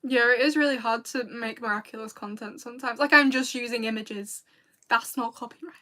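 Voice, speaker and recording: Bright, high-voiced British woman streaming. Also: brisk. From Britain. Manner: chatty and rambling, with frequent laughs. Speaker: video creator and streamer. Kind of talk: casual livestream chat with viewers.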